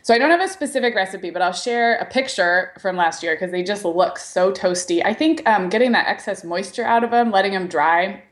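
A woman's voice: medium pitch, a little fast, hardly any pauses. A woman co-hosting a podcast, chatting casually and rambling with lots of fillers. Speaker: podcast co-host. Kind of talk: casual chat.

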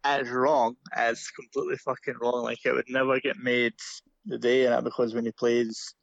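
Gravelly man, dull lo-fi sound. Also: medium pitch, little pitch movement, moderate pace, no echo. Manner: rambling, sweary, many fillers. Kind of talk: casual chat.

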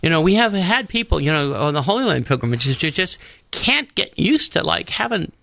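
Gravelly-voiced priest telling rambling stories. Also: male voice, on the high side, big pitch swings, normal speed, sharp tone, no echo. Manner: rambling storyteller, restarts often. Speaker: priest, guest on a radio talk show. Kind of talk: casual radio discussion. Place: radio studio.

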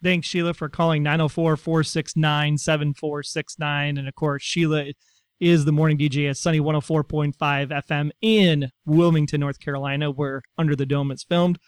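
A man co-hosting a casual talk show, reading out listener messages with a wry delivery. His voice is smooth and resonant and sits a little high for a man. The sound is dry and close. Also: fairly even intonation, a little fast, no echo. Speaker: podcast co-host. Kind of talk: casual chat.

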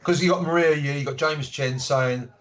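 Guy spinning stories in an interview, lively, slightly muffled lo-fi sound. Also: on the high side, normal speed. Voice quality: animated storyteller, acts out quoted voices. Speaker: author guest. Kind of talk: casual interview storytelling. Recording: dull lo-fi audio.

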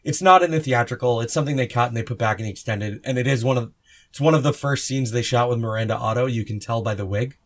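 A man in casual podcast talk about films, offering relaxed, matter-of-fact opinions. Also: mid-range voice, fast. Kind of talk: casual film discussion.

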